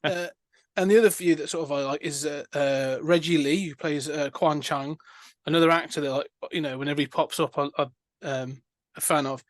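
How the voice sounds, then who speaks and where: A man with a fairly high voice talks through a film on a podcast. He rambles and circles back, full of ums and restarts. The sound is close and dry, with no room in it. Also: steady tone, a little fast, no room sound. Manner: rambling, hesitant, many fillers and restarts. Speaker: podcast co-host. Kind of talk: casual film discussion.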